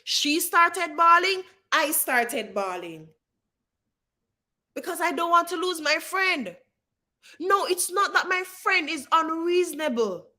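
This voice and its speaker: A woman's voice: very high-pitched, sing-song, slow, bright, forceful tone. A woman hosting a live stream, talking directly and encouragingly to her viewers and calling on them by name. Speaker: livestream host. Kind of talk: live-stream advice talk.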